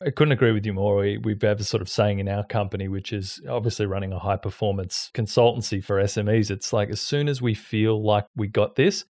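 A man's voice: on the low side, fairly even intonation, brisk, hardly any pauses, darkish tone. A man hosts a business interview in an easy conversational way. He agrees readily with his guest and reflects aloud before asking his next question. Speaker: interview host, consultancy owner. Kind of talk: casual interview chat.

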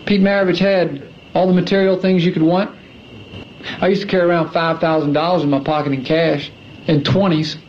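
A man's voice: a little high, flat delivery, fairly quick, noisy background. A man in his thirties giving an earnest personal testimony, a former athlete repeating phrases for emphasis. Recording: dull lo-fi archive recording.

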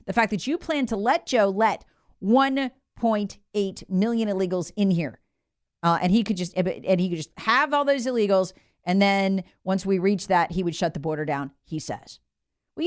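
A woman's voice: mid-range voice, clean tone, no room sound, clean studio sound. Indignant woman commentary host. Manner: emphatic and indignant, with sarcastic asides. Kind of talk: opinionated political commentary monologue.

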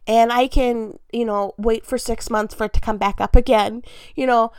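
A woman's voice: on the high side, steady tone, moderate pace, darkish tone, no echo. Chatty woman, candid and laughing. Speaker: podcast host. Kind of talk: casual solo podcast talk.

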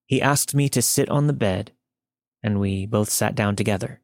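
A man narrating a listener's true story in a steady, scripted podcast reading. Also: fairly low pitch, moderate pace, creaky, no echo, clean studio sound.

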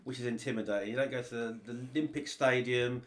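A middle-aged man talking as a podcast guest, quick and blunt with a wry edge. His pitch is ordinary and his pace brisk. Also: steady tone. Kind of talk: casual chat.

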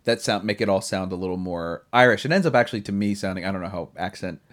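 A man's voice: low voice, lively intonation, fast talker. Man, podcast host, casual chat, rambling, restarts mid-sentence. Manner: rambling, many restarts and asides.

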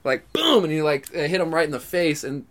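A laid-back man chatting on a podcast, rambling through his points with lots of filler words. His voice sits a little high for a man. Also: big pitch swings, brisk, fairly bright tone. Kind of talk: casual podcast chat.

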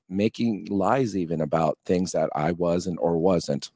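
A low-pitched man in his fifties with a gravelly edge, talking in a relaxed interview. He tells his story with animation, laughs easily and sounds dry and close to the mic. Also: normal speed, hardly any pauses, dry recording. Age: 50s. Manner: animated, acts out quoted voices, laughs often. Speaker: guest, charity co-founder.

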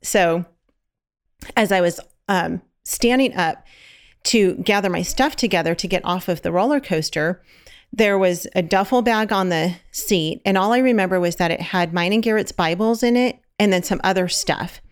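A woman's voice: mid-range voice, moderate pace, smooth. A middle-aged woman in casual chat, telling a long story and acting out the voices in it. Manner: animated, acts out quoted voices.

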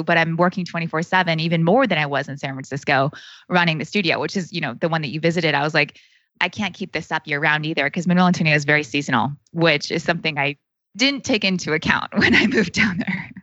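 A woman's voice: lowish voice, quick pace, sharp tone, no echo, dull audio. A woman in her thirties, a podcast guest, telling a personal story in a chatty, casual way with lots of fillers. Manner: chatty, heavy use of "like", acts out quoted speech.

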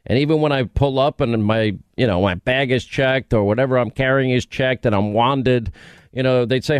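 A man's voice: medium pitch, clear, resonant tone, dry recording. A man from New York hosting a talk radio call-in show, speaking emphatically. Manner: emphatic, rapid-fire opinions.

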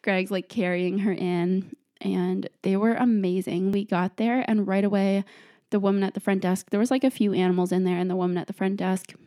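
A woman's voice: medium pitch, fairly even intonation, brisk, dark tone, no echo, studio quality. A young woman hosting her show, telling a story casually with lots of "like" fillers and frequent laughs. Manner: chatty, full of "like" fillers, laughs often. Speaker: host.

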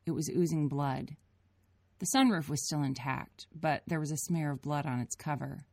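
Low-voiced woman narrating a family memoir. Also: normal speed, creaky, a little mellow, dry recording. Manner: earnest, reflective storytelling. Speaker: parent narrating her own story.

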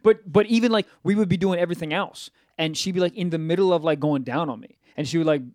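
A young man, telling crude, animated stories in a casual podcast chat. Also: on the high side, quick pace, dry recording, studio quality. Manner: profane, animated storytelling with impressions. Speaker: podcast co-host.

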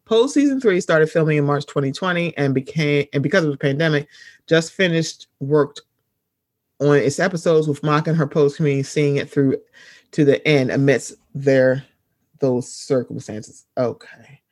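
A man's voice: on the high side, normal speed, darkish tone, no echo, clean studio sound. A man reading an article aloud and breaking off to add his own emphatic commentary.

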